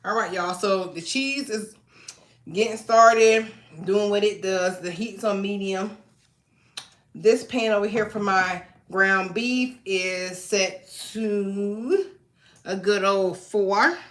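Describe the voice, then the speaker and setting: A woman's voice: medium pitch, fairly even intonation, takes it slowly, fairly bright tone. A woman hosts a casual live cooking stream from her home kitchen, chatting straight to her viewers. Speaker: livestream host. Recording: echoey kitchen with faint noise.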